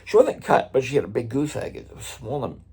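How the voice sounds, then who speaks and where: Husky, animated middle-aged man telling a story. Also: medium pitch, brisk. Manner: animated, conversational, swears casually. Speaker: drummer and vlog host. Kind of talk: casual storytelling vlog.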